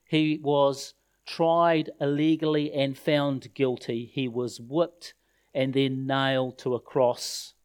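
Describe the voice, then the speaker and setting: A man giving a funeral sermon, retelling a scripture story in an expressive storytelling manner and quoting its words. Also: medium pitch, slow, smooth. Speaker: preacher.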